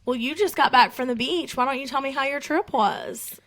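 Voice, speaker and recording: A woman co-hosting a podcast in casual chat, teasing her friend and quick to laugh. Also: high-pitched, fairly bright tone. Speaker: podcast co-host.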